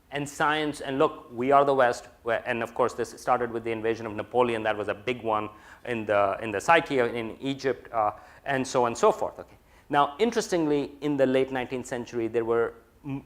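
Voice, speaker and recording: A man giving an academic lecture, talking in a discursive way with many fillers and restarts. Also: mid-range voice. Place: lecture room.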